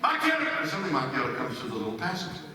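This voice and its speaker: An older man telling an animated anecdote on stage, his voice climbing high when excited. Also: very fast. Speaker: guest speaker. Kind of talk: storytelling on stage. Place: large cinema hall with audience. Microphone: stage microphone, recorded from the audience. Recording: roomy hall from far off, faint noise.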